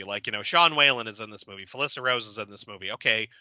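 A man's voice: on the high side, sing-song, brisk, few pauses, pushed and bright, dry recording. A man hosting a casual podcast, recapping a movie with profanity and acting out the characters' lines. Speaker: podcast host.

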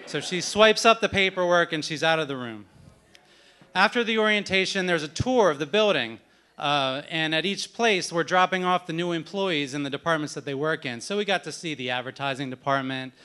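A man's voice: on the high side, a little fast, sharp tone, clean tone. A man telling a wry, self-deprecating story at a live story event.

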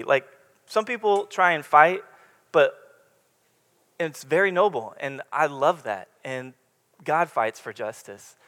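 In a church meeting room full of long reverb, a young man gives a loose, honest sermon to the congregation, his voice fairly high and a bit bright. He wanders slightly, restarting often and filling gaps with lots of fillers.

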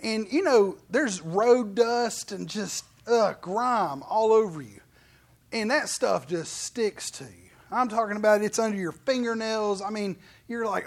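A pastor preaching a casual, folksy sermon, animated and full of playful asides and quick put-on voices. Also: male voice, sits high.

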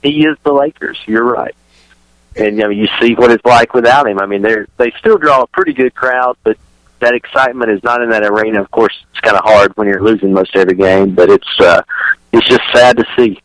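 Co-host, man, bright tense voice, dry sound, opinionated sports talk. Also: on the low side, a little fast, dry recording, poor audio. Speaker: radio co-host.

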